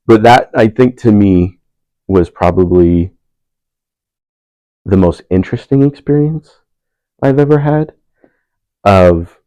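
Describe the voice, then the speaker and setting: A young man telling a personal story in a casual panel talk, relaxed and laughing, animated when quoting people. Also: fairly low pitch, takes it slowly, pauses often, no room sound, rough recording. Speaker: panel speaker.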